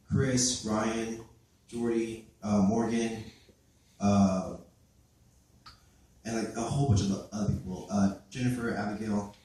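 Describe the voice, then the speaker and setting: A teenage boy gives a personal church testimony in a fairly low voice, stopping and restarting with plenty of fillers. He sounds distant from the camera, and his words ring around a very echoey hall. A faint room hum sits under him. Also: dark tone. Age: late teens. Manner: hesitant, many fillers and restarts. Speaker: youth giving a church testimony. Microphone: far camera recorded by his father.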